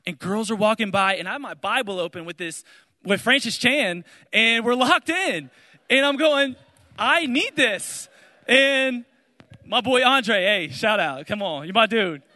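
A young man giving a spoken testimony to an audience, telling his story with lively storytelling and acting out the voices of the people in it. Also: high voice, normal speed. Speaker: speaker sharing his testimony. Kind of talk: testimony talk to a crowd. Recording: large hall reverb.

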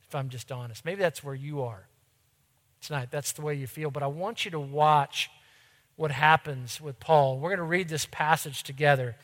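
Male pastor, slightly high voice, earnest sermon, loud then hushed, long hall reverb.

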